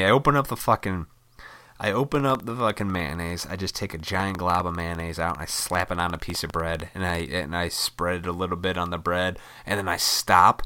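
Low, bright-voiced man telling a rambling story. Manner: rambling, profane, laughs at his own story. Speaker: musician telling a personal story. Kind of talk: casual storytelling to camera.

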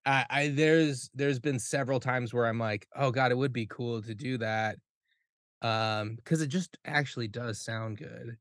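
A man's voice: mid-range voice, fairly even intonation, measured pace, fairly bright tone, dry recording, clean studio sound. A man from the Midwest US, a guest musician on a casual podcast, rambling with lots of filler words and swearing.

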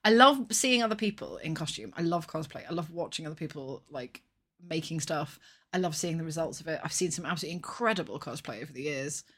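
A woman's voice: deep voice, lively intonation, quick pace, fairly bright tone, breathy edge. A woman co-hosting a podcast, chatting casually in a wry, meandering way. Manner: chatty, wry, frequent ums. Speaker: podcast co-host. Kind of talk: casual chat.

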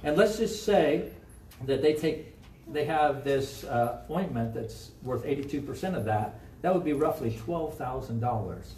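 Conversational Midwestern pastor preaching in an echoey church. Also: male voice, mid-range voice, animated, a little slow, a little mellow, a little hiss or hum. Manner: conversational, asks the congregation questions. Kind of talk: sermon. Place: church sanctuary. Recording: echoey room, mic from a distance.

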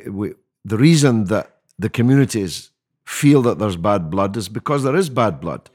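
A man's voice: fairly low pitch, darkish tone. An older man, a guest on a podcast interview, talking in an emphatic, rhetorical way with many restarts. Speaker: mayoral candidate guest.

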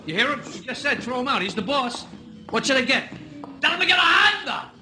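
A man's voice: medium pitch, very animated, fast, close to an everyday voice, low-quality recording. An actor playing a brash, rude car salesman who mocks and bullies his customers. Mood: shouting. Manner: mocking, loud, escalating, bullying customers. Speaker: car salesman in a played comedy clip.

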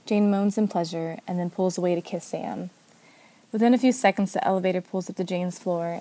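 Mellow-voiced woman reading a story. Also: lowish voice. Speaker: narrator.

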